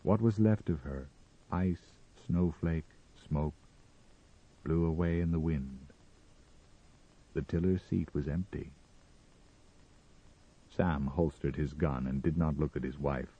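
A man narrating a story in a measured, expressive dramatic reading, on a slightly muffled recording. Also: extremely low pitch, husky.

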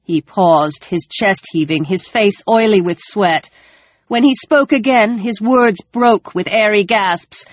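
A woman reading a novel aloud in a slow, measured, low-key narration. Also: no room sound. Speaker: audiobook narrator. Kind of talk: scripted narration.

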